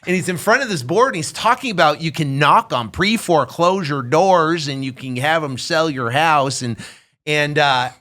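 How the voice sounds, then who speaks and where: A man's voice: a little high, moderate pace. A man in his fifties, a podcast guest, telling a story in casual chat and acting out the voices of the people in it. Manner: animated, acts out voices in his stories.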